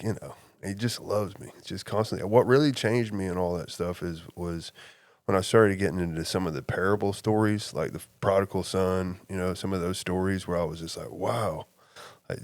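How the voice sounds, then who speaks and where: A man hosting a recovery podcast, speaking in a casual, enthusiastic and warm-hearted way. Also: sits low, no echo. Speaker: podcast host.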